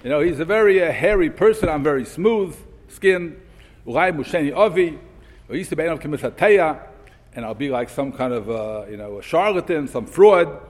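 A man gives a Torah lesson in a lively, rising and falling voice with a husky edge. He reads Hebrew sources aloud and then explains them in English, asking question after question. The sound carries a long echo, like a big hall. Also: fairly high pitch, moderate pace. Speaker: Torah teacher. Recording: echoey hall.

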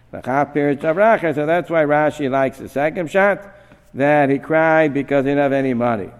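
A man's voice: fairly high pitch, vocal fry. Man teaching with long hall echo. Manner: thinking aloud, questioning and restarting often. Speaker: Torah teacher. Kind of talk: Talmudic-style study lesson.

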